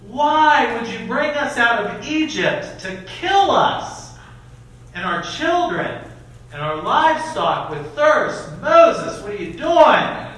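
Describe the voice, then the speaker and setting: A bright, fairly high male voice preaching in a conversational way, often turning to the congregation for agreement. He is heard from some distance in a strongly echoing church sanctuary with a faint hiss behind him. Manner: conversational, often asks "right?". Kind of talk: sermon. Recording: echoey church hall, mic at a distance.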